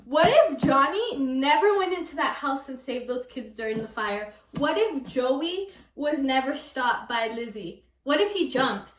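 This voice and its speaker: A woman's voice: high voice, animated, a little slow, few pauses, slight background noise. A young woman with a Californian accent, chatting casually about a book she just finished, rambling and gushing with lots of fillers. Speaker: book vlogger. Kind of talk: casual book review chat. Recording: echoey room, a little far from the mic.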